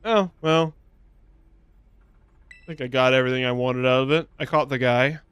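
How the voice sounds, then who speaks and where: A man's voice: medium pitch, fairly even intonation, moderate pace, fairly bright tone, clear, resonant tone, dry recording. A man streaming a video game, making jokey asides and reading the dialogue aloud. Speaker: VTuber streamer. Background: game music.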